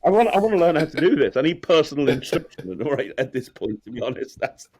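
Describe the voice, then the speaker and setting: A man's voice: a little high, sing-song, fast talker, a little mellow, a little hiss or hum. Man, magician, casual interview, rambling, self-deprecating, laughing. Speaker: magician guest. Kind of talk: candid casual interview chat.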